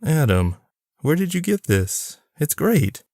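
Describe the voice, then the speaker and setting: A man's voice: fairly high pitch, very animated, slow pace, no echo, clean studio sound, pitched above the performer's own voice. A man voicing a loving middle-aged father, in an audiobook. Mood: delighted. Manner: warm, delighted.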